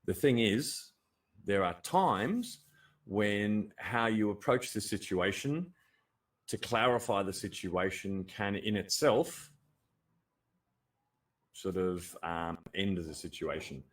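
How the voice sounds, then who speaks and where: Australian man, livestream host, blunt and animated, very expressive pitch, slightly distant mic. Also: takes it slowly, pauses often. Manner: animated and blunt, swears freely, laughs often. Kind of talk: casual livestream chat.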